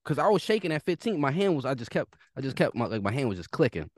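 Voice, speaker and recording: A young man co-hosting a casual podcast, swinging between loud outbursts and low reflective talk. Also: sing-song, quick pace, dry recording, clean studio sound. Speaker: podcast co-host.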